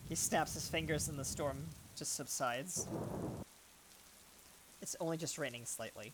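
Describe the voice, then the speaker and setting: A man's voice: a little high, measured pace, pauses often, noisy background. A man narrating as game master of a tabletop game, casual and full of fillers. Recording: rain and thunder ambience.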